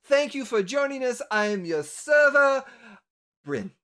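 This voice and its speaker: A man's voice: extremely high pitch, expressive, measured pace, pushed and bright, clear, resonant tone, pitched above the performer's own voice, full character voice. A game master voicing a woman in her thirties serving at a tavern, formal and dutiful. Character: young woman server in her thirties, polite.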